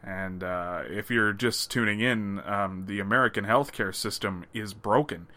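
A man from Canada co-hosting a podcast, chatting casually about movie rankings, laughing and swearing with quick asides. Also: fairly low pitch, pushed and bright. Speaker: podcast co-host.

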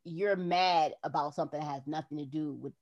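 A woman's voice: low-pitched, a little fast, a little mellow, muffled recording. A woman hosting a podcast, talking in a casual heart-to-heart way and acting out her own past words expressively. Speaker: podcast host.

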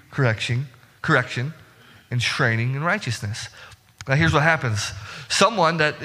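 Bright-voiced man preaching in a reverberant hall. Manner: emphatic, repeats words and restarts, rises in pitch when stressing points. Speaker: pastor. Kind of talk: sermon.

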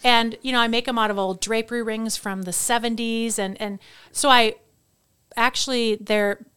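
A middle-aged woman chats as a podcast guest, her voice smooth and resonant. She tells her stories in an animated, talkative way, and the studio sound is close and dry with no room echo. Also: a little high, normal speed. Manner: chatty, animated storyteller. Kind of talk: casual interview chat.

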